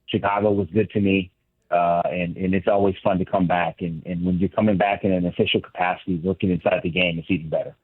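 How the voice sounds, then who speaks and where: A man's voice: low voice, flat delivery, fast talker, husky, no echo. A former ballplayer, now a broadcaster, talking candidly as a guest on a sports radio show, often restarting his sentences. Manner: candid, reflective, frequent restarts. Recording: tinny phone line.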